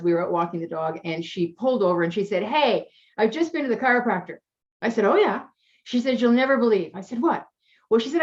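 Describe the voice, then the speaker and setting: Female coach, interview guest; warm storytelling, emotional, slightly dull recording. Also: mid-range voice. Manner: chatty, emotional, gets teary. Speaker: health coach.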